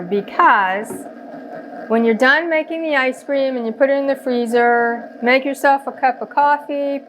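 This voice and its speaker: A woman who hosts a cooking channel chats through a casual home cooking demo, explaining every step as she goes. Her voice is high, and there's a little hiss or hum in the recording.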